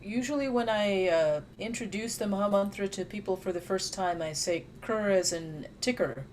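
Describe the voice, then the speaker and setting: A woman's voice: mid-range voice, moderate pace, a little mellow, a little hiss or hum. A woman in a class, earnestly explaining how she teaches a pronunciation. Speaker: student. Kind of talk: discussion in a class.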